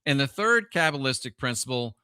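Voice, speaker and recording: Bright-voiced man hosting a livestream. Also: medium pitch, very animated, brisk, clear, resonant tone, no room sound, studio quality. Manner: talks to live viewers, asks rhetorical questions. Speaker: livestream host. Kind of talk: live-streamed commentary.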